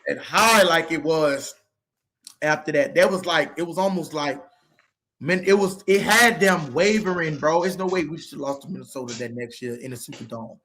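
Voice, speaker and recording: A man with a fairly high voice, co-hosting a sports podcast. He rambles and gets heated, swearing freely. A faint hiss and occasional clicks sit under his voice. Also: moderate pace. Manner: animated, heated, profane, rambling. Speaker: podcast co-host. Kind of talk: casual sports chat.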